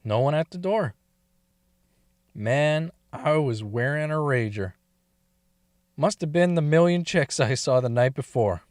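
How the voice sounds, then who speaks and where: Brief: male storyteller, unhurried, swings his pitch a lot, profane and laughing, dry close sound. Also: animated, a little mellow, no echo. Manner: profane, laughs often between lines. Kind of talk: casual crude storytelling.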